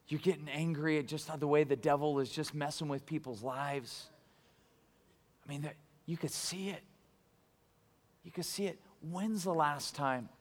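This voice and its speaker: A man preaching a sermon as pastor, animated and conversational, swinging between excitement and quiet earnestness. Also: on the high side. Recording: long hall reverb.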